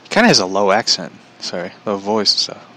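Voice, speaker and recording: A man's voice: on the low side, lively intonation, a little fast, sharp tone, rough recording. A man chatting casually on his vlog, rambling with frequent chuckles. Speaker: vlogger. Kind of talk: casual chat.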